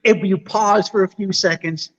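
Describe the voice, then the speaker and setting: A man's voice: high-pitched, fairly even intonation, moderate pace. A man talking casually as a paranormal investigator, explaining with many restarts. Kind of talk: casual group chat. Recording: dull lo-fi sound.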